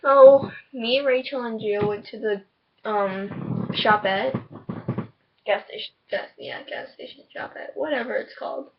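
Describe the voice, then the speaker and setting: A woman's voice: a little high, a little slow, dull audio, background noise. A teenage girl eagerly chatting and telling a story as co-host, laughing often. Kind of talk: casual storytelling chat.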